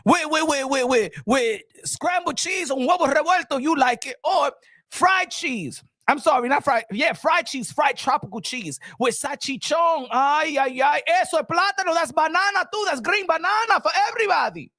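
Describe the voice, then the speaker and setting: Loud joking livestream host, New man, very high bright voice, close dry mic. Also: expressive, normal speed, no echo. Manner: loud, joking, switches between languages. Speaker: boxing show host. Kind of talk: livestream commentary reading super chats.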